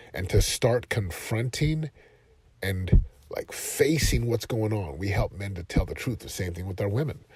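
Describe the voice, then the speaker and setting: A man in his thirties hosting a motivational podcast from his car, talking earnestly and rising to loud, passionate emphasis. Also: on the low side, slightly rough, no echo. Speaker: podcast host and life coach.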